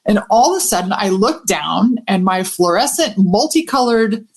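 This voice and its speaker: A woman, a business coach telling a casual, animated story to her audience and swearing freely. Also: medium pitch. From Texas.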